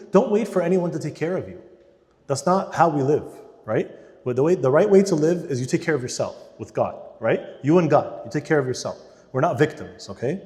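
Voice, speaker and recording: A man with a slightly high voice delivers an animated lecture at a church marriage day, acting out everyday scenes and swinging between loud emphasis and quiet asides. His voice carries a long reverb, as if spoken in a large church hall. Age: adult parent.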